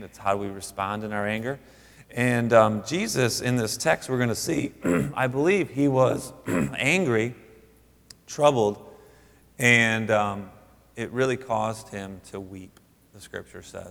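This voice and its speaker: A man in his thirties preaching a sermon as pastor, talking in a halting way with many fillers and restarts. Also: mid-range voice, a bit bright, big-room sound. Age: 30s.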